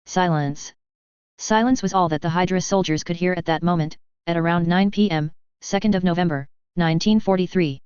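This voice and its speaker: Brief: woman narrator, fan fiction audiobook, very smooth voice, dry slightly dull recording. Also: fairly low pitch, a little fast, a little mellow, dry recording. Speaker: audiobook reader.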